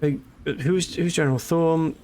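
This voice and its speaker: A man's voice: fairly high pitch, steady tone, unhurried, a little mellow, a little hiss or hum. A man chatting casually and joking while live-streaming a video game, laughing often.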